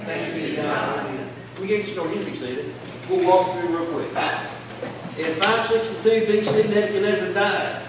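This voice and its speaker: A pastor preaches in a church sanctuary, trading fervent call-and-response with the congregation. His voice is high-pitched and his pace moderate. Recorded from a distance in an echoey hall, the clip has background noise.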